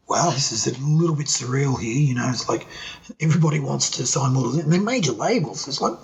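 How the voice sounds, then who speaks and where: A middle-aged Australian man, a band's singer, telling stories in a casual interview, swearing freely and animated. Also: on the high side, creaky, rough recording. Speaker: guest, band singer.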